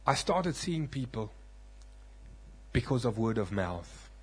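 A male preacher giving a sermon testimony, telling his story dramatically and acting out voices, swinging from loud bursts to hushed moments. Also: medium pitch, very animated, slow, breathy edge.

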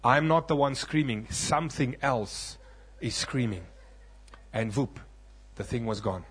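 A male preacher giving a sermon testimony, telling his story dramatically and acting out voices, swinging from loud bursts to hushed moments. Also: medium pitch, animated, measured pace, breathy edge.

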